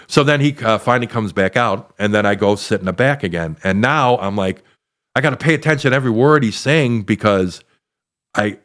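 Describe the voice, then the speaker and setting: A man's voice: fairly low pitch, animated, brisk, a bit bright. A man in his sixties with a Chicago accent, a comedian telling rambling anecdotes as a podcast guest. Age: 60s. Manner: rambling anecdotes with hesitant fillers. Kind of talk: casual storytelling chat.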